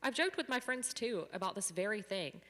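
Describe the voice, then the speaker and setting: A woman reading an essay aloud at a church service, expressive and dryly humorous. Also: mid-range voice, moderate pace. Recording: long reverb of a church hall.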